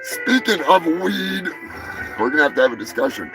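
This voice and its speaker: A man hosting a live stream, rambling crude jokes and shouting greetings to chatters. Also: on the high side, very animated, moderate pace, low-quality recording. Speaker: live show host. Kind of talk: crude casual livestream banter. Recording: music playing behind the voice.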